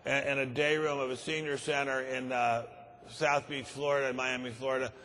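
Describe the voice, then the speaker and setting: Dry, unhurried man telling jokes. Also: medium pitch, little pitch movement, a bit bright. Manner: dry, unhurried, frequent uhs. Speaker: conference speaker. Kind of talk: stand-up joke telling. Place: large conference hall. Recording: long reverb of a large conference hall.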